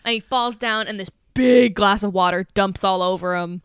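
Animated young woman with a smooth voice. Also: mid-range voice, normal speed, no room sound, clean studio sound. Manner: animated, retells scenes with quoted lines, swears freely. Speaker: podcast co-host. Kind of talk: casual movie chat.

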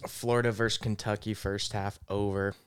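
A man's voice: on the low side, little pitch movement, moderate pace, smooth, no echo, clean studio sound. A man hosting a casual sports betting podcast, recapping picks in short laid-back bursts. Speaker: podcast host.

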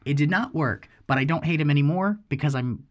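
A man's voice: a little high, lively intonation, fairly quick, highs cut off. A young man who owns a tattoo shop, chatting casually on a podcast and telling rambling, profane stories with acted-out quotes.

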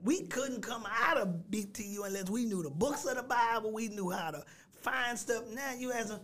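A pastor and gospel singer with a raspy voice, chatting easily on a radio show and laughing often. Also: male voice, high voice, moderate pace, a bit bright. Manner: laid-back, laughs easily, sings snatches of his songs. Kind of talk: casual radio interview chat.

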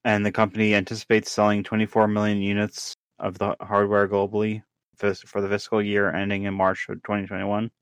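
A man co-hosting a podcast, reading news items in a steady, flat manner with small stumbles. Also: lowish voice, brisk, smooth, no room sound. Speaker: podcast co-host.

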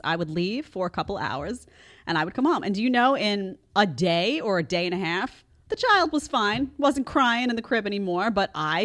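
A woman in her thirties hosting a casual reaction show and talking to her live chat, chatty and expressive. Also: mid-range voice. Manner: chatty and animated, acts out quotes. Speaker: host reacting to clips.

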